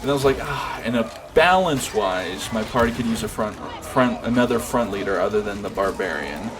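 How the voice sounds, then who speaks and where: A man's voice: fairly low pitch, lively intonation, a little fast. A man streaming a game, chatting casually and rambling with lots of fillers and restarts. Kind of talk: casual chat while gaming. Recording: game noise in background.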